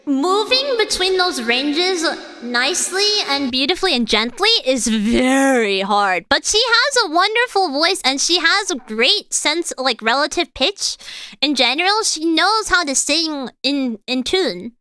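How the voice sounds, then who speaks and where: A woman streamer and singer reacting to a clip, chatting excitedly to her viewers and explaining singing technique with lots of fillers. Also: high-pitched, unhurried, dry recording. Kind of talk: casual reaction commentary to chat.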